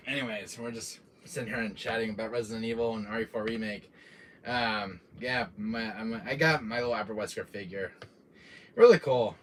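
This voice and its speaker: A man's voice: medium pitch, a bit bright, slight background noise. A young man chatting casually on a live stream, rambling with lots of fillers and restarts. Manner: rambling, many fillers and restarts, laughs often.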